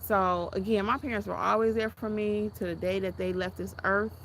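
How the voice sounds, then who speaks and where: A woman's voice: medium pitch, fairly even intonation, normal speed, fairly bright tone, slight background noise, low-quality recording. A middle-aged woman, vlogging in a casual storytelling chat and acting out quotes as she talks straight to her viewers.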